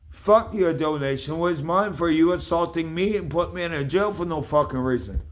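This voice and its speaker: A man delivers a heated rant straight to his listeners, swearing at every turn and jabbing at them with accusations. His voice sits a little on the high side. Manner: heated, accusing, swears constantly, addresses people directly. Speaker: vlogger. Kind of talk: angry profane rant to camera.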